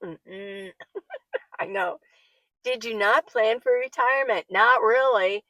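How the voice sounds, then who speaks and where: An older woman, a van-life vlogger living in her minivan, chats casually to the camera and responds to viewer comments, laughing a lot and sometimes getting heated. Her voice is fairly high, animated, slow-paced, and fairly bright. The recording is dry and of poor quality.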